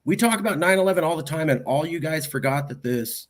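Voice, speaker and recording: A man hosting an interview podcast, telling stories in an animated, emphatic way and repeating his points. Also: fairly high pitch, quick pace, slight background noise. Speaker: podcast host. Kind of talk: casual conversational interview.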